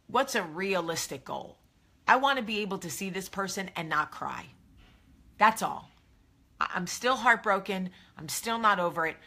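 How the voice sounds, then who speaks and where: A bright, clear-toned woman in her thirties hosts a casual live stream, speaking candidly and animatedly into a phone or webcam. Her pitch sits in an ordinary middle range. She talks frankly, like she is sharing personal advice with friends. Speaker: host of a live video show. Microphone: phone or webcam, live video.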